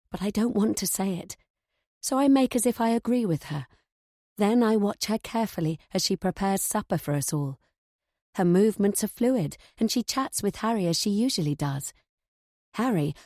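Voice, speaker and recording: Female audiobook narrator, mellow tone, dry close read, tense first-person delivery. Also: medium pitch, dry recording.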